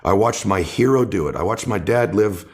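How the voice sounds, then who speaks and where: A man's voice: fairly low pitch, lively intonation, moderate pace, darkish tone. A man speaking as a guest author in an interview, giving impassioned motivational talk that builds with repeated, rising phrases.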